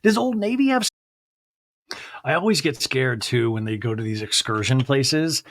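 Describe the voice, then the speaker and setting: A man in his thirties rambles through a solo podcast recap in a mid-pitched, conversational voice. He keeps breaking into high, exaggerated put-on voices to act out what people said. The recording is close and completely dry. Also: expressive, moderate pace, a bit bright, no echo. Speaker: podcast host.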